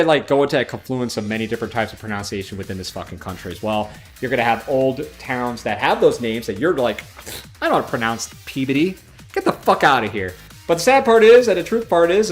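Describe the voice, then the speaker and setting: A man with a Chicago accent hosting a gaming livestream, chatting casually and swearing, with loud outbursts at the game. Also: medium pitch. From Chicago, USA. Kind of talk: casual chat while playing a fighting game.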